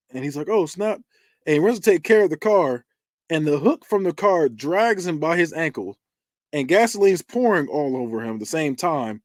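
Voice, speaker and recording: A man's voice: fairly high pitch, dry recording, clean studio sound. A podcast host chatting casually through movie death scenes, acting out lines and laughing as he goes. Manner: animated, acts out quotes and screams, laughs often.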